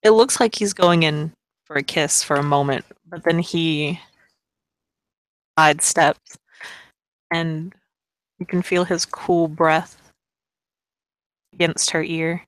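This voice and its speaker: A woman's voice: sits low, steady tone, slow pace, long pauses, no echo, poor audio. A woman narrating a tabletop roleplay scene casually, with laughter and swearing. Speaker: game narrator.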